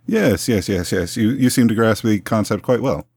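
A man voicing a pompous, smooth-talking 1920s museum owner with florid, long-winded speech in a tabletop role-play. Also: lowish voice, normal speed, a little mellow, no echo, clean studio sound. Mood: ingratiating.

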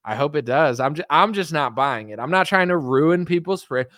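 A man's voice: fairly high pitch, lively intonation, moderate pace, a bit bright, no room sound, studio quality. A man ranting sarcastically on a casual livestream as a political commentator, rambling with constant fillers.

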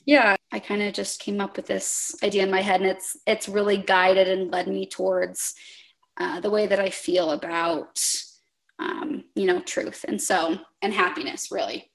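A woman's voice: mid-range voice, flat delivery, normal speed, vocal fry. A woman on a podcast telling a story in casual conversation, animatedly acting out both sides of an imagined dialogue. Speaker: podcast guest.

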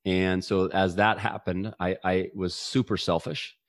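A man's voice: low voice, flat delivery, a little slow, no room sound, studio quality. A man in his forties telling a personal story as an interview guest, earnestly, with frequent restarts and repeated words. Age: 40s.

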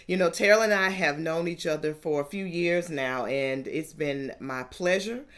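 A woman's voice: deep voice, moderate pace. A middle-aged woman from Georgia, hosting a podcast interview in an upbeat, emphatic way. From Georgia, USA. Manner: upbeat, emphatic, sing-song intro. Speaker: podcast host.

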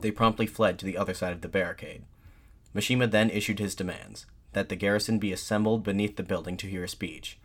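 A man giving measured, scripted documentary narration. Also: on the low side, steady tone.

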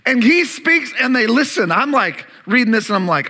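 A man preaching a sermon as pastor, animated, acting out voices to an audience in a church room. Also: very high-pitched, moderate pace, hardly any pauses. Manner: animated preaching, acts out disciples' panic and Jesus' calm.

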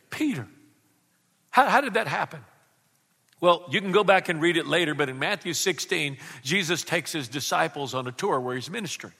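A male pastor preaching a lively sermon and calling for responses from the congregation. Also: fairly high pitch, long reverb tail.

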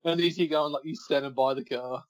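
A man's voice: on the high side, fairly even intonation, a little fast, dry recording. A man in his thirties co-hosts a laid-back podcast, joking around and laughing easily. He turns tender when family comes up. His voice sounds slightly dull and close, with no room sound. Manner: jokey, laughs often, sentimental. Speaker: podcast co-host. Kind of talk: casual chat.

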